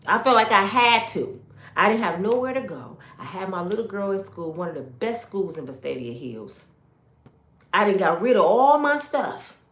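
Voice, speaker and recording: A woman's voice: medium pitch, animated, moderate pace, a bit bright, reverberant. A woman from Michigan giving an emotional personal testimony, telling her story with animation and speaking straight to her viewers.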